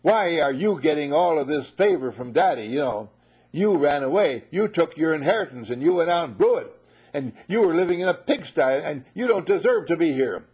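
A man voicing a complaining older brother who pleads with his father in a raised, husky voice, heard on a muffled lo-fi recording. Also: very high voice, moderate pace, hardly any pauses, a little mellow, voice pushed up, heavily acted. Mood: indignant. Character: whiny indignant older brother, adult male.

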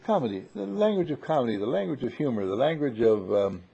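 A man's voice: medium pitch, very animated, fast talker, vocal fry, warm tone. A man leading a casual group conversation, rambling and playful, with many fillers and restarts. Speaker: seminar leader. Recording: dull lo-fi recording.

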